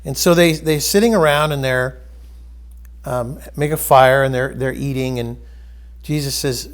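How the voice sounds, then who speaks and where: A man hosting a spiritual discussion, retelling a story in a loose, rambling way and dropping into soft quoted voices. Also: medium pitch, steady tone, measured pace. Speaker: host.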